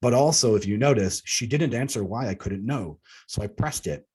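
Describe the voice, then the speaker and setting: Husky-voiced man reading his memoir. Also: fairly low pitch, animated, normal speed, a little mellow. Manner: earnest, breaks into laughs at himself. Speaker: author. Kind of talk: reading from his own book with asides.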